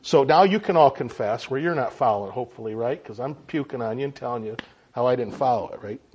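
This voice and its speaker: A man preaching a sermon in a folksy, animated way, often checking in with his listeners. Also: medium pitch, quick pace, slight background noise. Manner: folksy, animated, frequent "right?" and "okay?" to the audience. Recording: dull lo-fi sound.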